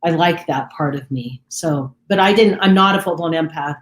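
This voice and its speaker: A man co-hosting a casual talk show, agreeable and quick to laugh. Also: on the high side, a bit bright. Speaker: co-host. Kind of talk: casual chat. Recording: echoey room.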